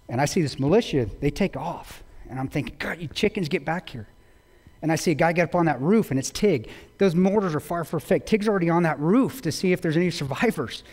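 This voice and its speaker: A man's voice: fairly high pitch, animated, fairly quick, darkish tone, husky. A man giving a public talk, retelling a story intensely with quoted dialogue. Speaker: guest speaker. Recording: long reverb of a large hall.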